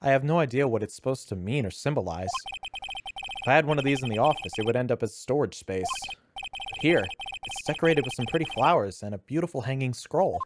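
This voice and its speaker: A man's voice: mid-range voice, animated, brisk, background noise, natural voice. A man voicing a wry young male defense lawyer from a video game, reading the lines in a dry, plain voice. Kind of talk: game dialogue read-along.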